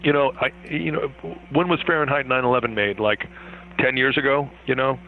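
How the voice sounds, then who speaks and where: A man calls in as a guest and talks in long, rambling, animated stretches. His voice sits at an ordinary middle pitch and comes through a thin, phone-like line with no low end. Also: brisk. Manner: animated, rambling, laughs easily. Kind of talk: interview over the phone.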